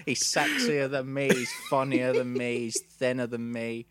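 A man's voice: medium pitch, a bit bright. A man co-hosting a podcast, talking in a casual, dry, self-deprecating way. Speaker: podcast co-host. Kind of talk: casual chat.

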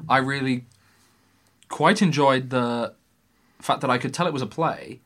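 A young man co-hosting a casual film chat, speaking in an earnest, measured way. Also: mid-range voice, fairly bright tone. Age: young adult. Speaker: co-host.

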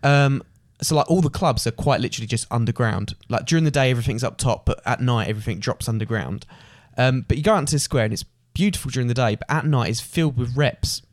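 A man's voice: mid-range voice, fast talker, hardly any pauses, no echo, clean studio sound. A young man co-hosting a podcast, telling a travel story in a rambling way with many fillers. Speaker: podcast co-host. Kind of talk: casual chat.

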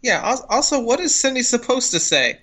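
A man's voice: very high-pitched, big pitch swings, fairly quick, bright, forceful tone. A man on a podcast panel, questioning the others' take in a casual film discussion. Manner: questioning, defends a character.

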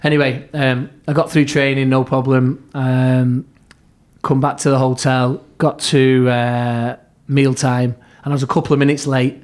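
Middle-aged man telling lively anecdotes. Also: mid-range voice, measured pace. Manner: lively storyteller, acts out quoted lines, frequent restarts. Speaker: podcast guest, former football club therapist. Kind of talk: anecdotal storytelling in an interview.

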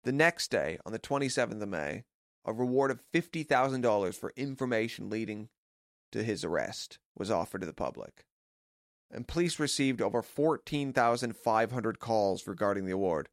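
A man's voice: lowish voice, expressive, normal speed, dry recording, clean studio sound. A man co-hosting a podcast, telling a story in casual chat with jokey asides. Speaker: podcast co-host.

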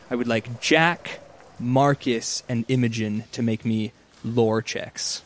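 A man narrating a tabletop game as game master, describing scenes in a casual way with quick asides. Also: mid-range voice, steady tone, slight background noise.

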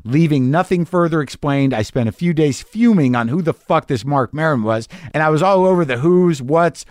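Wry, profane podcast host reading emails. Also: male voice, fairly high pitch, no echo, studio quality. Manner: wry, profane, rambling with frequent restarts. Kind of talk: casual monologue reading listener emails.

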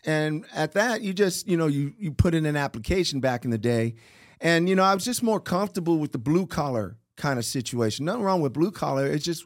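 A man's voice: on the high side, dry recording, clean studio sound. A middle-aged man, an interview guest telling stories in casual talk and acting out the people he quotes. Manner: animated storyteller acting out quoted dialogue.

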